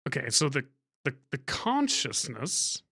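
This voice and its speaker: A man's voice: mid-range voice, wildly swooping pitch, a little slow, vocal fry, pushed and bright, slightly rough. A man streaming a video game, talking casually and thinking aloud, often trailing off and restarting his sentences. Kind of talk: live-stream gameplay commentary.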